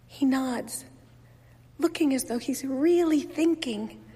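A woman reading first-person literary fiction aloud in a measured, wistful, softly expressive way. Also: sits high, big-room sound. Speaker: reader.

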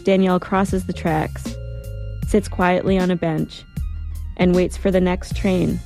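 A woman narrating a first-person story in an even, reflective way. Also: fairly low pitch, a little slow, creaky, soft background music.

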